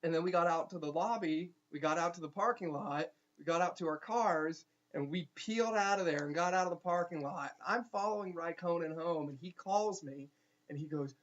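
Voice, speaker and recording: A young man, a teacher, telling a funny story casually with animated asides and quick restarts. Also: fairly high pitch. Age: young adult. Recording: dull lo-fi recording.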